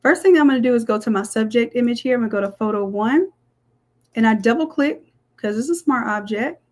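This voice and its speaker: Her voice is on the high side and brisk as she runs a live screen-share design tutorial. Chatty and fond of "y'all," she talks viewers through the steps.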